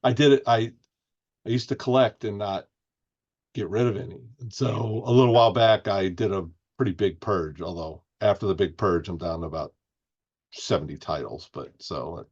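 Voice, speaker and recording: Podcast guest: low-voiced man, meandering and chatty, dull lo-fi recording. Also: moderate pace, darkish tone, breathy edge. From Indiana, US. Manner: rambling, restarts often. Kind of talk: casual interview chat.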